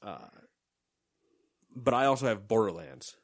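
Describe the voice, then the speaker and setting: A man's voice: medium pitch, unhurried, gravelly. A young man co-hosting a podcast in casual, rambling chat and laughing often. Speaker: podcast co-host.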